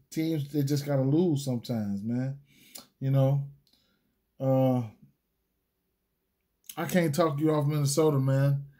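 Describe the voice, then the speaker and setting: Laid-back rambling sports picks host. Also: male voice, medium pitch, dark tone. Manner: rambling, many fillers and restarts; laid-back slangy talk. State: hiccups. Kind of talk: casual solo picks video.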